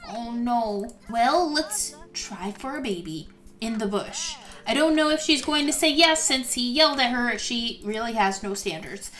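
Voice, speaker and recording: A woman hosting a gameplay video, excitable and gushing, gasping often as she comments on the game. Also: fairly high pitch, a little slow. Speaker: gaming video host. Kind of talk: let's play commentary.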